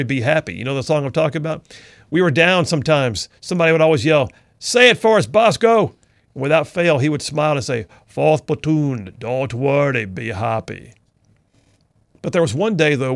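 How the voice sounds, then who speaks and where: A man's voice: mid-range voice, gravelly, dry recording, clean studio sound. A middle-aged man hosting a talk radio show, telling an army story in an earnest, folksy way that turns preacher-like. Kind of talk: storytelling commentary.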